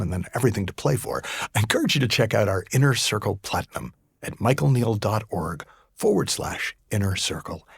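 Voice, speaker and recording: Middle-aged American male podcast host with a husky, lowish voice, close and dry, musing in a loose, conversational way. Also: no room sound. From United States. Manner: conversational, with frequent restarts and slow emphatic stretches. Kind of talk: reflective solo podcast talk.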